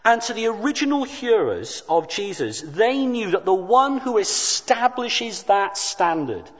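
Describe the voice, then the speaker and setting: A man's voice: sits high, very animated. Man preaching in an echoing hall. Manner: earnest, emphatic, deliberate phrasing. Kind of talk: sermon. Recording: dull sound with long hall reverb.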